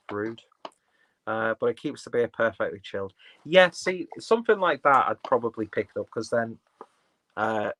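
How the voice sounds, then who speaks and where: A man with a fairly low voice chats in a loose, rambling way, full of fillers and restarts. The sound is close and dry, with little room around it. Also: a bit bright, no room sound. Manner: rambling, filler-heavy, chatty. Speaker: beer vlogger reading live chat. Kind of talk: casual live-stream chat.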